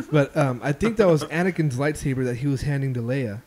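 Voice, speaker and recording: A man's voice: medium pitch, expressive, brisk, a crowd in the background. A man hosting a podcast, telling stories in a loose, profane way with lots of filler ums. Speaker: podcast host. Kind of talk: casual chat.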